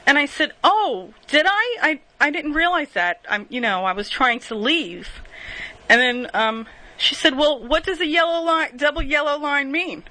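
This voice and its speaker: A woman's voice: sits high, expressive, normal speed, pushed and bright, poor audio. A woman telling rambling stories in a casual monologue, laughing at herself and swearing freely.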